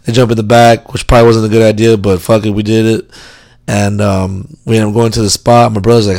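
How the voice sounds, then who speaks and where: A man's voice: lowish voice, level tone, quick pace, vocal fry, a little mellow. A young man telling a drunken story in a casual, rambling way, swearing constantly and filling his talk with fillers. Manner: laid-back, amused.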